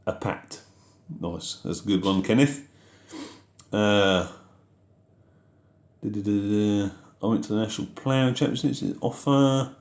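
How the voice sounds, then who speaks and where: A man's voice: fairly low pitch, steady tone, unhurried, echoey room. A man hosting a casual live question-and-answer chat about farming, reading out viewer messages and answering them in an easygoing way.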